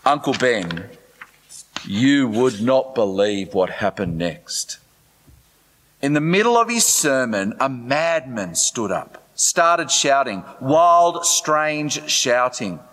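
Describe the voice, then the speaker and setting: A man voicing a male eyewitness who slowly retells a strange scene in a synagogue, in a reverberant hall. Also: mid-range voice, sing-song, a bit bright, pitched below the performer's own voice. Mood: awed.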